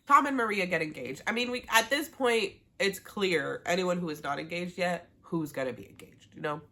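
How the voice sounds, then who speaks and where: A woman's voice: lowish voice, expressive, normal speed, hardly any pauses, bright, forceful tone. A young woman recapping a reality show in a blunt, sassy, profane way, with Spanish as her first language. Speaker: TV show reviewer. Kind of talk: casual recap vlog.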